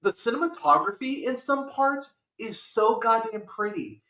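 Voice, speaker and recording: A man hosting a podcast, reviewing a movie in casual chat with animated, profane rants. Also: extremely high pitch, moderate pace, roomy sound, rough recording. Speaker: podcast host.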